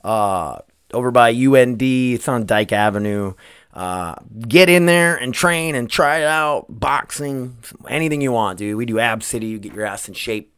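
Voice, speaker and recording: Here an emotional, choked-up American host delivers a casual solo podcast monologue, rambling and swearing and speaking to "you guys." His medium-pitched voice is a bit bright, clear and resonant, at a moderate pace. It's studio-quality audio with no echo.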